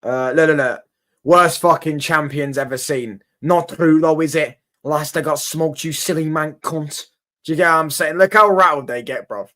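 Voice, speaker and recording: A man's voice: fairly high pitch, moderate pace, bright, forceful tone. A brash, sweary young man giving rambling reaction commentary on football. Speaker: football watchalong streamer.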